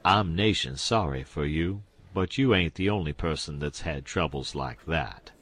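A man's voice: rumbling low, unhurried, a bit bright, exaggerated voice. A man playing a sly, sobbing old con-man king. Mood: mournful. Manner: folksy, sobbing, rustic grammar.

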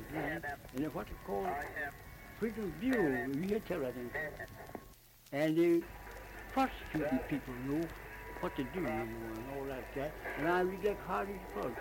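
An older man with a Southern US accent, talking in a rambling, repetitive, halting way as he recounts his memories for an oral history. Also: a little high. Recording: noisy old archival recording.

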